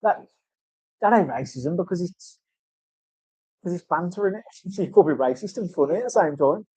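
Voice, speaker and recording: Rambling, swearing bloke. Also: male voice, high voice, lively intonation, normal speed, darkish tone, slightly rough, no echo. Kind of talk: casual chat. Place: tattoo studio. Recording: dull, dry lo-fi sound.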